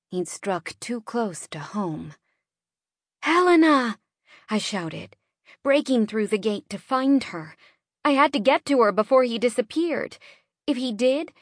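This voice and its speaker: A woman's voice: mid-range voice, dry recording. A woman narrating a first-person audiobook in a tense, dramatic style, recorded close in a studio. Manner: tense, dramatic storytelling with hushed drops. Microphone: close studio mic.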